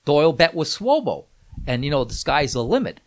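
A man's voice: on the high side, brisk. Middle-aged guy rambling through a story, voice swinging all over, restarts a lot. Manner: animated, rambling, many restarts, gets loud when excited. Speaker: guest. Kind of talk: casual anecdote telling.

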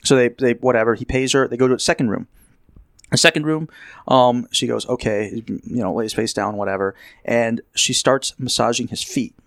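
A man's voice: medium pitch, steady tone, moderate pace, dry recording. A man telling a long rambling anecdote in a casual chat, acting out what people said. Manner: rambling storyteller, acts out quotes. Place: Las Vegas.

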